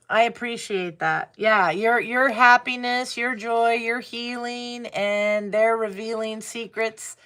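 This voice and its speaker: Female tarot reader, unhurried delivery, blunt and profane with laughter. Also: fairly high pitch, a bit bright, a little hiss or hum. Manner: blunt, swears freely, laughs while talking. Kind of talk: casual tarot reading talk.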